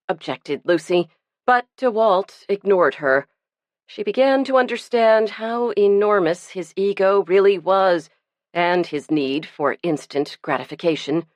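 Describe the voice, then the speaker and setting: A woman narrating a cozy mystery audiobook in a measured, even storytelling manner. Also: lowish voice, dry recording.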